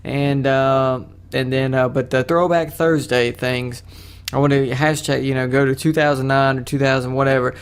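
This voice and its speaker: A man's voice: mid-range voice, steady tone, normal speed, clean tone. A young man hosting a solo podcast, rambling in a casual, self-mocking way with crude jokes. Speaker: podcast host.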